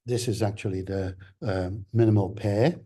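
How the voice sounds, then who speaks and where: A man giving an academic seminar lecture, explaining things in a measured way. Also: lowish voice, steady tone, dark tone.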